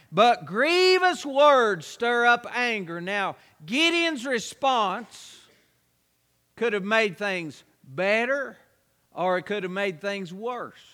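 A man's voice: sits high, sharp tone, long reverb tail. A man preaching a sermon, building his points through repetition and rhetorical questions.

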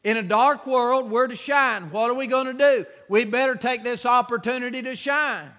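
High-voiced preacher in a ringing hall. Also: male voice, moderate pace. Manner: emphatic, repetitive exhortations, rising to shouts. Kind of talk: sermon.

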